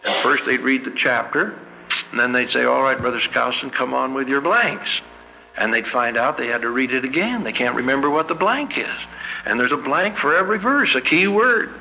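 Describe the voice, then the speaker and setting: A man's voice: mid-range voice, lively intonation, moderate pace, gravelly, a little hiss or hum. An older man from Canada giving an anecdotal sermon as a church speaker, an earnest storyteller who asks many searching questions. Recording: dull lo-fi recording in a reverberant hall.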